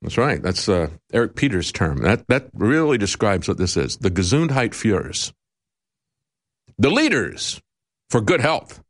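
A man's voice: on the low side, very animated, moderate pace. A male talk show host giving emphatic, indignant commentary with sarcastic asides.

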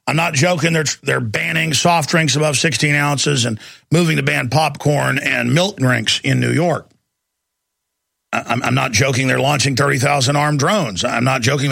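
A man's voice: mid-range voice, gravelly, fairly bright tone, breathy edge, dry recording. A man hosting a talk show, ranting heatedly and emphatically, often repeating himself for effect. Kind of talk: ranting political commentary.

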